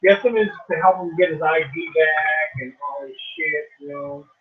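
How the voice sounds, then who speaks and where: A man casually telling a long, profane story about a friend, acting out the quotes in an animated way. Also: on the high side, normal speed, narrow, tinny audio. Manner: rambling, profane, animated retelling with quoted voices.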